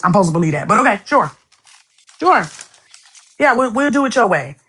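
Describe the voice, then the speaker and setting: A woman's voice: mid-range voice, sing-song, a little fast, fairly bright tone, breathy edge. A woman co-hosting a podcast, talking in a heated, profane, repetitive way in casual chat. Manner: heated, profane, repeats herself.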